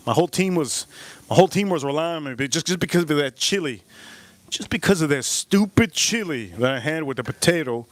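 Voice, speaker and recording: A man in his forties tends a charcoal grill outdoors while he hosts a live stream. He tells a long, looping story and keeps repeating his lines for effect. His voice sits a bit high for a man and sounds close and dry. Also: no room sound. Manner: repetitive, animated storyteller who jumps between the tale and the grill. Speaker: live-stream cook and host.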